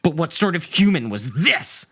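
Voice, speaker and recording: A man reading a dark first-person story aloud in a theatrical way, playing up the narrator's rage. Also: on the high side, sing-song, normal speed, slightly rough. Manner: theatrical, swings into shouting for quoted rage.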